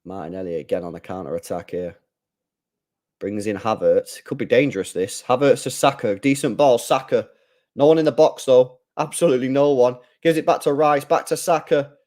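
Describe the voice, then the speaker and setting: Bloke doing a live footy watchalong, rambly and casual, mid pitch, gets shouty at big chances. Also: male voice, moderate pace. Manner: chatty, swings from mumbling to excited shouting; reads out viewer comments. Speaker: live stream host.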